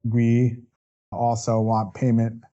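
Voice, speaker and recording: In a legal webinar, a male workers' compensation defense attorney lays out each step in order, dropping in "right?" to check in. His mid-range voice is warm but completely flat and slow, and the audio is dull.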